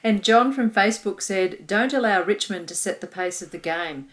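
A woman's voice: mid-range voice, normal speed. Enthusiastic Australian woman co-hosting a podcast. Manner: enthusiastic, agreeable, reads listener comments. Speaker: podcast co-host. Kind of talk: casual podcast chat.

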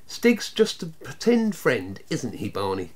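A man reading a storybook aloud and voicing a playful, teasing young girl in a high voice. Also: wildly swooping pitch, a little slow.

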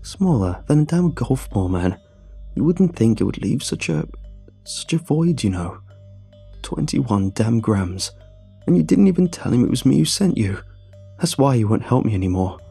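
A man voicing a bitter, self-pitying drunk with a graying beard, sobbing and low-voiced in a storybook reading. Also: animated, normal speed, gravelly, mellow, slightly rough, faint music behind, heavily acted.

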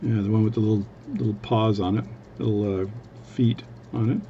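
A man's voice: on the low side, fairly even intonation, fairly quick, highs cut off, a little hiss or hum. A man from Canada, a watchmaker, chatting casually at his workbench in a rambling, self-interrupting way. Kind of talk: casual chat.

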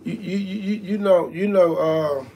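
A man's voice: high voice, normal speed, darkish tone, a little hiss or hum. A man in a comedy skit, stammering and repeating words as he launches into profane rants.

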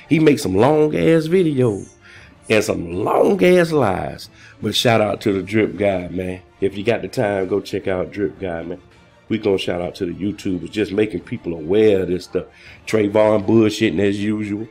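A man with a fairly low voice rambles through a casual vlog, excitable and slangy, handing out shout-outs. He sounds a little out of breath. Faint music plays underneath. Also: creaky, breathy edge. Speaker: crypto vlogger.

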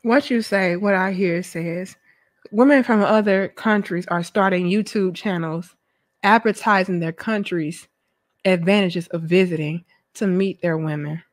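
A woman hosting a live stream, reacting to her chat with dramatic, theatrical despair and swinging between shouted pleas and low mutters. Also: measured pace, dry recording, studio quality. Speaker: livestream host.

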